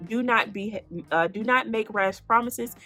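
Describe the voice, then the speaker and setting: A woman hosting a faith-based self-help podcast who teaches in an animated way, asking the listener questions and then answering them herself. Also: a little high, unhurried, soft background music. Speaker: podcast host.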